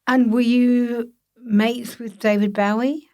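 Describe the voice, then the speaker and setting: Woman interviewer, slow, short questions. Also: fairly high pitch, level tone, a little mellow. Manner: brief reactions and short questions. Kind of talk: casual interview.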